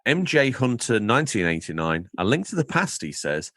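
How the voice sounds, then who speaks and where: A male podcast co-host in loose, casual chat, playful and rambling as he wanders into absurd tangents. His voice is on the low side but swings widely in pitch, and the recording is close and dry. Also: sing-song, moderate pace, hardly any pauses, fairly bright tone, no room sound.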